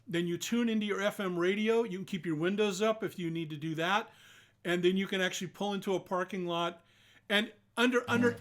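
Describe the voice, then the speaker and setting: A man's voice: sits high, a bit bright. An older man hosting a live online concert, chatting casually between songs and greeting viewers by name. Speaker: singer-songwriter hosting a live stream concert.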